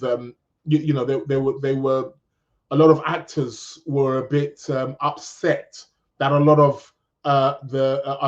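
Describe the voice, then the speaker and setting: Chatty British man, rambling and upbeat. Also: a little high. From England. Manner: rambling, many restarts, chatty. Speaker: podcast host. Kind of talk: casual live-stream chat reading comments. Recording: dull lo-fi sound.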